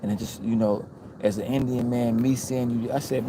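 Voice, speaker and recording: A man's voice: mid-range voice, fairly even intonation, normal speed, noisy background. A man in his forties talking straight to camera in a casual, profane rant, repeating "man" and "bro" as he makes his points. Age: 40s. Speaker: vlogger. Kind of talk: casual monologue.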